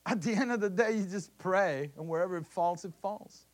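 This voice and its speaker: A man preaching a sermon, telling a scripture story with animated bursts and acted-out voices. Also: high-pitched, a little fast.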